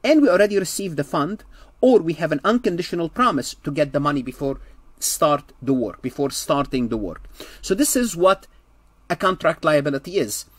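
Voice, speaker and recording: A man's voice: a little high, expressive, normal speed, dry recording. A man lecturing on accounting, explaining step by step and repeating key points, with slightly nonstandard phrasing. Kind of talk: recorded lecture.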